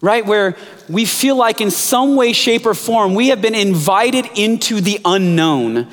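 A man's voice: high-pitched, unhurried. Man preaching in an echoey hall. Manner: animated storytelling, jumps into character voices. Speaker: pastor. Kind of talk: sermon.

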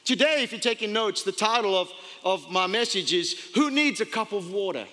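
A man's voice: high-pitched, moderate pace, few pauses. A man with an accent preaching a sermon as pastor, telling stories and jokes with laughs along the way. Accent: non-American. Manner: animated, jokey storytelling with laughs. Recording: long reverb of a church hall.

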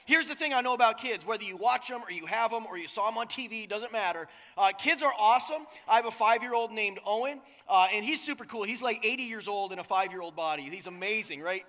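High, bright-voiced pastor in a hall. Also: male voice, quick pace, few pauses. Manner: casual, joking, conversational, asks the crowd "right?". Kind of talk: sermon. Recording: long reverb of a large hall.

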